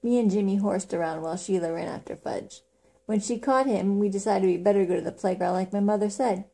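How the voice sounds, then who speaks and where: A woman's voice: medium pitch, fairly even intonation, a little fast, gravelly, dark tone. A woman reading a children's book aloud in a casual way, with small slips. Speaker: reader.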